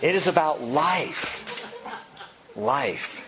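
A man preaching an Easter sermon to a church congregation, with animated delivery and acted-out voices of the people he describes. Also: on the high side, very slow, dull audio, noisy background. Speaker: pastor.

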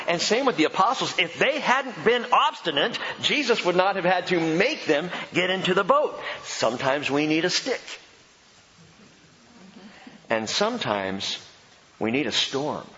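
A man preaching a sermon as pastor, animated and dramatic, acting out the voices he quotes. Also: fairly high pitch. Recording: dull lo-fi sound, long hall reverb.

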